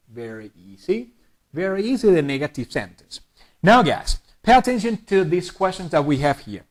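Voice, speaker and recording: Man teaching grammar, higher voice, animated delivery. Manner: lively teacher, slows to spell out examples. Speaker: English teacher. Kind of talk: bilingual grammar lesson.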